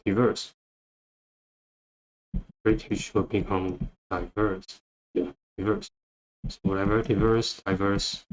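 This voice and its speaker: A man teaching English vocabulary, repeating each word and phrase slowly as he explains. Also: fairly low pitch, low-quality recording. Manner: repeats words many times, thinking aloud. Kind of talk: slow, repetitive vocabulary lesson.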